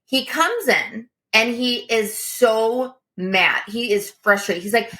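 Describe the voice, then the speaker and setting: A woman in her thirties with a bright, fairly high voice tells an earnest family story as a podcast co-host. Her delivery is lively and heartfelt. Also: slow pace, few pauses. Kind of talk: casual coaching talk.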